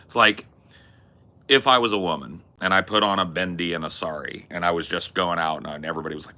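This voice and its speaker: A man's voice: low-pitched, fast, sharp tone. A man hosting a talk podcast, arguing his opinions emphatically with casual swearing. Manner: emphatic, swears, acts out quoted voices. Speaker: podcast host.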